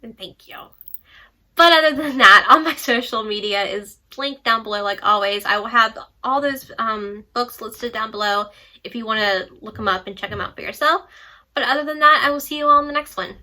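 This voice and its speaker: A woman's voice: fairly high pitch, moderate pace, bright, forceful tone. A young woman chatting casually about books in a bubbly, talkative way. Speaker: book vlogger. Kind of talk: casual vlog chat.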